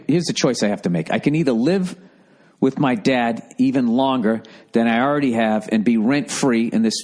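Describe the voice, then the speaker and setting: With a mid-range, darkish-toned voice, a middle-aged podcast-hosting comedian goes on a rambling, comedic tirade. He curses, leans on sarcasm, and mocks people by adopting fake voices.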